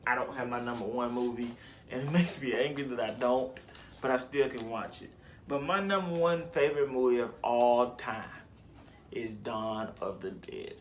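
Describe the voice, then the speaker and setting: In a mid-range voice at normal speed, a young vlogger runs through his favorite movies in a loose, slangy, rambling way, fixing his own slips as he talks.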